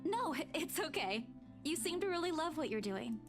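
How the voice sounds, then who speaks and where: A man's voice: very high-pitched, sing-song, normal speed, music in the background, voice pushed up, heavily acted. A man voicing a kind, nervous young woman who hesitates and stammers, reading a visual novel aloud. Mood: friendly.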